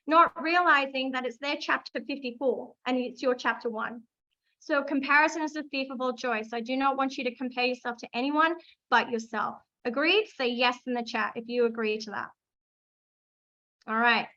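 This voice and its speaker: A woman's voice: high voice, bright, forceful tone, lo-fi sound. An Australian woman hosting a live online masterclass as a social media coach, talking with enthusiasm, repeating key phrases for emphasis and speaking to the chat.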